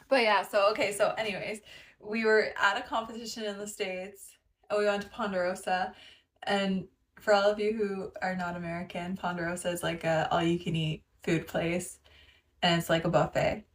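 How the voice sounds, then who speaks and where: A young Canadian woman hosts a livestream, telling a story in casual chat while giggling a lot and thanking viewers between lines. Her voice is medium in pitch, her tone level, her pace moderate.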